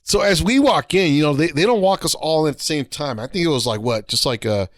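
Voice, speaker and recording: A man co-hosting a podcast, telling boot camp stories in a casual, animated, profane way with acted-out quotes. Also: fairly high pitch, fairly quick, no echo. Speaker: podcast co-host. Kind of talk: casual storytelling chat.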